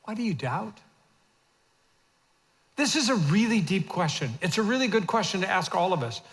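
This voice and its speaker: A man in his fifties preaching a sermon as senior pastor in a church auditorium, moving from hushed asides to shouted emphasis. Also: high voice, very animated, quick pace. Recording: long reverb of a church hall.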